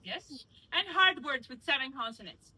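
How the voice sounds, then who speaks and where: Female tour guide, native Georgian speaker, high and very bright voice, playful, explains by example. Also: animated, moderate pace, poor audio. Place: outdoors in old city streets.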